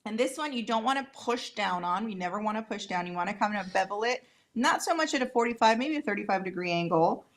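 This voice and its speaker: A woman's voice: medium pitch, lively intonation, fast talker. A chatty woman demonstrating nail tools while she works, casual and a little tired, joking at herself as she goes. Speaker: nail tech demonstrating products on a livestream. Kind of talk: casual live product demonstration.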